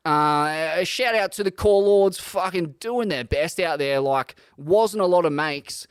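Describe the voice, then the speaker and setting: A young Australian man with a somewhat high voice trades blunt, wry podcast banter and swears freely. He sounds close to the mic in a dry space. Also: measured pace, clean tone, no room sound. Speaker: podcast co-host. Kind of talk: casual chat.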